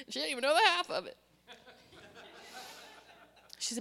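A woman's voice: high-pitched, measured pace, gravelly, long pauses. An older woman, a pastor telling a personal story in a conversational sermon and acting out the people she quotes. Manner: lively, conversational, acts out quoted voices. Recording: long hall reverb.

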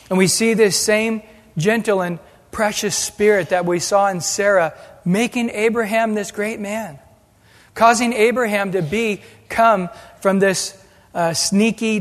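A man preaching a sermon as pastor, animated and acting out the voices he quotes. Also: high-pitched. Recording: long hall reverb.

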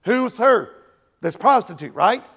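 A pastor preaching a sermon, animated and jokey, who slips into mimicking other voices. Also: male voice, high voice, unhurried, creaky, husky, big-room sound.

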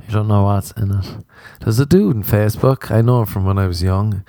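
Rambling Cork Irish podcast host. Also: male voice, lowish voice, a little fast, no room sound, studio quality. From Cork, Ireland. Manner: rambling, profane, with muttered deadpan asides. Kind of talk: comedic podcast monologue.

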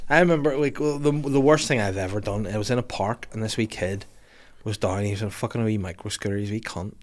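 A man hosting a podcast, telling sweary, lively stories in casual chat. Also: on the low side, fast. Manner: sweary, lively storytelling with acted quotes. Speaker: podcast host.

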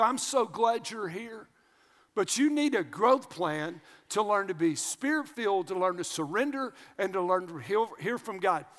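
An older man preaching a sermon as pastor, energetic and animated, jumping between loud shouts and hushed asides. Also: sits high. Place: large church sanctuary. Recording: long hall reverb.

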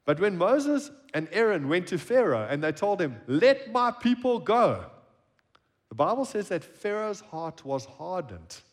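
A man preaching a sermon at a church service, shifting between emphatic lines and hushed, quiet phrases. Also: sits high, normal speed, hardly any pauses. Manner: expressive preaching, drops to a hushed tone on key phrases. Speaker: pastor.

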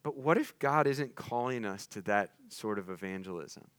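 A man preaching a sermon in a church, earnest and full of rhetorical questions, turning soft and hushed as he prays. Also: fairly low pitch, lively intonation, normal speed, smooth, no room sound. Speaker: pastor. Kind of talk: sermon with closing prayer.

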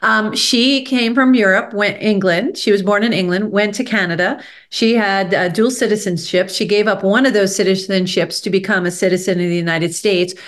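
A woman's voice: medium pitch, fairly even intonation, moderate pace, hardly any pauses. A woman hosts a talk-radio conversation in a chatty, agreeable way. Her voice sits in a mid range. She tells friendly anecdotes with filler words. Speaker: radio host.

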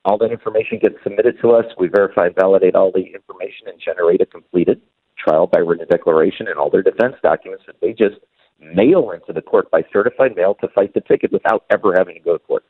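A man calling in as a guest, briskly pitching his business over the phone. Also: husky, dry recording. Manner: brisk, promotional explanation. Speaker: business owner guest on a call-in. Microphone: phone line. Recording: tinny phone line.

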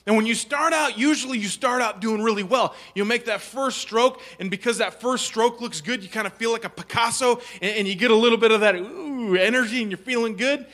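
A man telling a humorous family story to an audience, animated and playful. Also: very high voice, a little fast, few pauses. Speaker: speaker.

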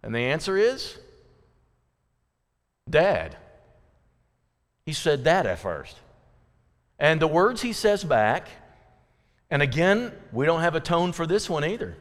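A man teaches a group in a relaxed, talky way, breaking off to ask his listeners questions and restarting sentences as he goes. His voice sits a little high for a man. The sound rings with the long reverb of a hall. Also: unhurried, pauses often. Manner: conversational, asks the audience questions, many fillers and restarts. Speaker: Bible study teacher.

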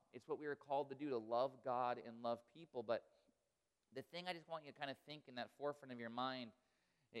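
A man's voice: medium pitch, smooth. Earnest man preaching in a ringing hall. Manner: earnest, expressive storytelling with rhetorical questions. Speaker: pastor. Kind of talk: sermon. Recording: reverberant hall.

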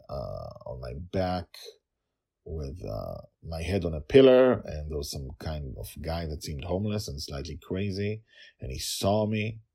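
Man, story narrator, podcast host, husky, deep, measured delivery. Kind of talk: story narration and personal anecdote.

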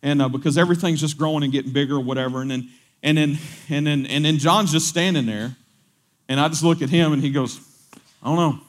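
A man with a somewhat high voice preaches in a loose, conversational storytelling style. He repeats words as he goes and slips into lively voices when he quotes others. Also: quick pace. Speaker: pastor. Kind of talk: storytelling sermon.

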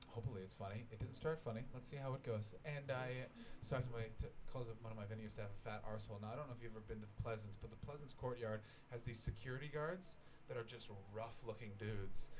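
Canadian male comic telling a rambling story to a live room, mid-pitched, faint hiss behind. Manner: rambling, self-deprecating, swears freely, acts out voices of the people in his stories. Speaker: stand-up comedian. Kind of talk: stand-up storytelling to a live audience. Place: small comedy venue at a festival.

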